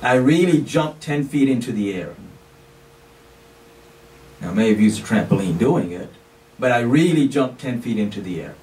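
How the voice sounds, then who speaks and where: Distant imam preaching, conversational. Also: male voice, mid-range voice, lively intonation, normal speed, darkish tone. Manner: conversational, often saying "you know", sprinkled with Arabic phrases. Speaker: imam giving a sermon. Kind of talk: explanatory sermon. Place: mosque, seated on the pulpit. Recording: distant mic with faint background noise.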